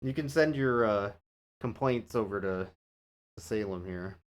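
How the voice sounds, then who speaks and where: A man's voice: fairly low pitch, measured pace. A man streaming a video game, chatting casually with his viewers, swearing and laughing, and cooing at his cat. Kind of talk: casual gameplay commentary.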